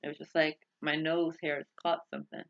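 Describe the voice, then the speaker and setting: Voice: mid-range voice, flat delivery, a little fast, heavy background noise. A vlogger from the United States talking in a casual, rambling monologue that drifts between tangents and breaks off mid-thought. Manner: rambling, tangential, self-interrupting. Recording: dull lo-fi recording.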